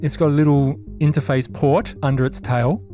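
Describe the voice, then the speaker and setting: A man's voice: a little high, fairly even intonation, normal speed, warm tone, soft background music. A man narrating a tabletop horror game as game master, casual and descriptive.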